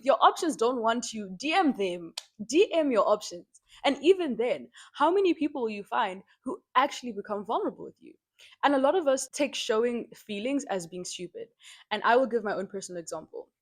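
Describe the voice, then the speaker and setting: A young Zimbabwean woman vlogging her frank opinions, animated and slangy, now and then slipping into Shona at home. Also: medium pitch. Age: young adult. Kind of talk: candid opinion vlog. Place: home, by a window.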